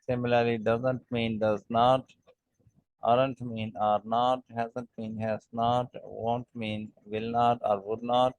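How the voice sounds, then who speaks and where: A man at middle pitch teaching an English lesson, moving very slowly and deliberately through example sentences. He fills his pauses with "uh" and checks in with "okay?". The sound is dry and close, with no room echo. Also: darkish tone, muffled recording.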